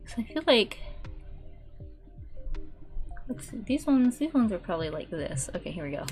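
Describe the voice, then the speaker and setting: A woman's voice: medium pitch, sing-song, fast talker, darkish tone, soft background music. A woman streamer chatting casually in a rambling, filler-heavy way while she paints.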